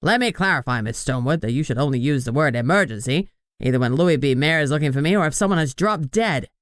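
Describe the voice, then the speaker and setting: A narrator voicing a gruff, blustering male publicity boss who barks at full volume. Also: fairly high pitch, expressive, fast talker, no echo, clean studio sound. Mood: irritated. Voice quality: loud, barking.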